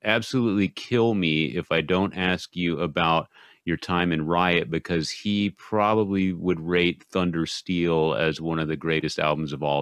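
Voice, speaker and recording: A man's voice: low voice, smooth, no room sound, studio quality. A man hosting an interview, casually prompting his guest with questions. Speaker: host.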